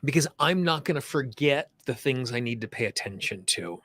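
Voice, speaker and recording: Guy coaching a tapping session, bright clear voice, dry close sound, calm affirmations then casual chat. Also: mid-range voice, no echo. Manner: slow, soothing affirmations; informal, chatty asides. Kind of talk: guided tapping session, call and repeat.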